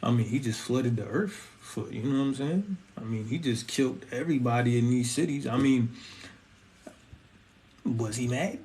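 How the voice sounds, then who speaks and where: A young man, a Christian vlogger, preaches casually about faith and relationships in a mid-range voice at normal speed. He's animated, conversational and slangy, and keeps asking listeners, "you feel me?"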